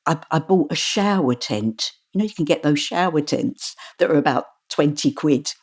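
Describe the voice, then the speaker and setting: Woman narrator, low voice, lively anecdotal delivery, loose interview. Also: normal speed, husky. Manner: animated, stumbles and restarts while telling stories. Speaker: audiobook narrator. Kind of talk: interview answers.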